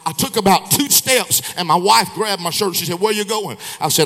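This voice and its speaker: A man, an evangelist preaching a revival sermon, moving between quiet storytelling and shouted exhortation. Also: high voice, moderate pace, hardly any pauses, in a large hall. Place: church sanctuary. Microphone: handheld microphone.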